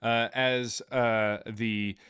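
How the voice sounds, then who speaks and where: A man's voice: mid-range voice, little pitch movement, drawn-out words, fairly bright tone, slight background noise. A man hosting a live stream, reading super chats in a casual, jokey, rambling way with many fillers.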